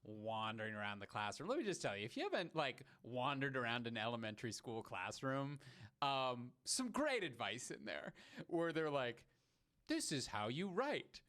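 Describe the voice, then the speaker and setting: Man podcast co-host, casual chat, lively melody, bright edge. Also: medium pitch, normal speed. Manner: expressive, breaks into laughter.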